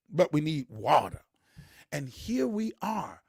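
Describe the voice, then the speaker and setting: A man hosting a live talk show for his viewers, animated and preachy, repeating words and getting louder to stress a point. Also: on the high side, takes it slowly, vocal fry, husky, no room sound, clean studio sound. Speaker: host.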